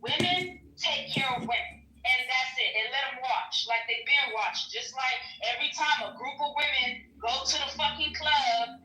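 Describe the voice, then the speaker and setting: A woman ranting profanely on a live stream and mocking men in a put-on low voice. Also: moderate pace, sharp tone, recorded from a distance, slight background noise. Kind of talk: heated live-stream rant. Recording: echoey room, away from the mic.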